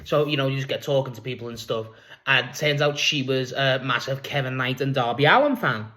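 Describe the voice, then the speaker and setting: A man's voice: medium pitch, brisk, bright, forceful tone. A man with a Liverpool accent telling a rambling, sweary story in a casual vlog. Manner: rambling, sweary, laughs while talking. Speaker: vlogger.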